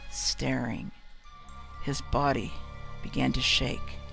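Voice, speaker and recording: A man narrating a horror story in a slow, measured reading. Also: a little high, vocal fry. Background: faint eerie music.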